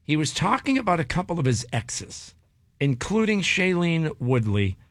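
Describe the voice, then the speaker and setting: A man's voice: on the high side, big pitch swings, normal speed, dry recording, clean studio sound. A man hosting a radio show in casual banter, tossing in playful jokes between news items. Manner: jokey, playful asides.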